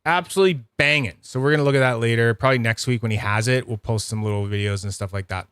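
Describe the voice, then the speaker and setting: A man's voice: medium pitch, quick pace, a bit bright, clean tone, no room sound, clean studio sound. A man hosting a casual livestream review, rambling and chatty, swearing freely and greeting viewers by name. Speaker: host of a livestream review channel.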